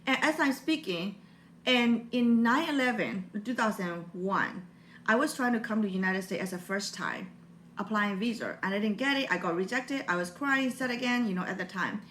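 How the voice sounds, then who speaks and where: A woman's voice: a little high, normal speed, fairly bright tone, a little hiss or hum. A woman in her forties from Burma with a Burmese accent, giving an earnest, heartfelt motivational talk in non-native English. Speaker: motivational vlogger.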